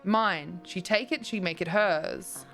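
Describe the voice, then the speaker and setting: A woman voicing a small, frightened wolf cub boy who speaks in slow, broken, halting words. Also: fairly low pitch, a bit bright, soft background music. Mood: timid.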